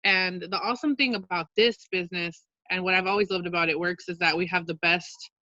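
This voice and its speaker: A woman's voice: lowish voice, steady tone, a little fast, bright, forceful tone, dry recording. A woman leading a casual training talk for her sales team, chatty and upbeat, full of fillers and "you guys", heard over a video call. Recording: dull lo-fi video call audio.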